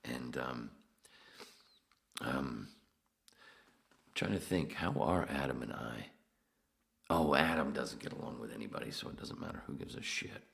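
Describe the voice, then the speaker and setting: A man's voice: rumbling low, measured pace, gravelly, long pauses, fairly bright tone. A man hosting his own podcast, telling stories in a rambling, profane, casual way on a live stream. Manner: profane, rambling, self-interrupting. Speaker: podcast host.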